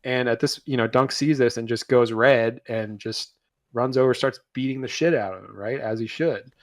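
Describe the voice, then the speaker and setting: A man co-hosting a podcast, chatting casually and retelling scenes with animated bits of character voices. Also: medium pitch, moderate pace, no echo, studio quality. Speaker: podcast co-host. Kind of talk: casual show review chat.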